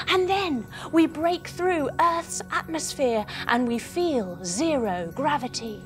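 A woman's voice: high-pitched, lively intonation, takes it slowly, over music. A young woman leading a storytelling yoga class for children, playful and encouraging, with gasps and sound effects. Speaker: kids yoga teacher.

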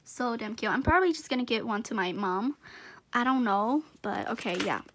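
A young woman with a high, bright voice talks through an unboxing in a casual vlog. She gushes and giggles over each item, excitable and chatty. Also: normal speed. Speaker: vlogger unboxing gifts.

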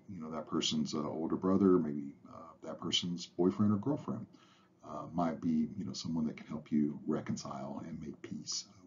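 Low, husky lecturer full of "uh"s. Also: male voice. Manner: relaxed, lots of "uh" fillers, trails off softly at phrase ends. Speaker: instructor. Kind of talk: narrated lecture slides. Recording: dull lo-fi recording.

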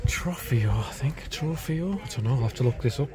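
A man's voice: medium pitch, fast talker. Chatty man musing at a busy car show. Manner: chatty, musing aloud while looking round cars. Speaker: vlog host. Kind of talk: casual narration to camera. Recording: busy show crowd behind.

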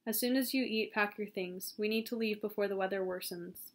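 A woman voicing a stern older male mountain guide who gives curt, forceful orders in an audiobook. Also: medium pitch, fairly quick, lightly acted.

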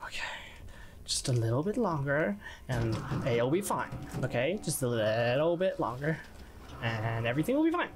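A woman's voice: very deep voice, very animated, normal speed, noisy background. A woman streamer giving jittery gameplay commentary, talking to herself with whispered asides.

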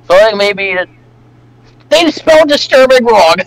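A man hosting a casual reaction video over voice chat, excitable and swearing often with loud outbursts. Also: high-pitched, measured pace, no room sound, low-quality recording.

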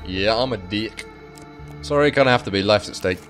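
A man's voice: on the low side, brisk, fairly bright tone, soft background music. A man hosting a let's play, commenting wryly and reading game text aloud. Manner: chatty, sweary, wry.

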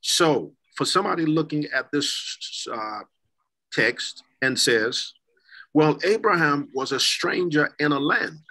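A man's voice: a little high, lively intonation, slow pace, sharp tone, poor audio. A man hosting a church talk show, reading scripture aloud and then putting a question to his guest. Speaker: host.

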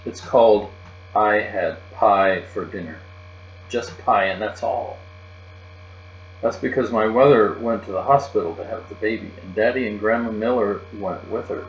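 A man's voice: fairly low pitch, normal speed. A man narrating a children's book aloud in a childlike first-person storytelling manner. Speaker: audiobook reader. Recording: roomy, dull, with mains hum.

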